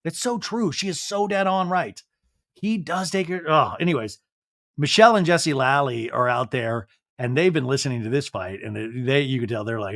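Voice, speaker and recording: A man hosting a podcast, recapping reality TV in a sarcastic, animated way. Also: mid-range voice, a little fast, dry recording, studio quality. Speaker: podcast host.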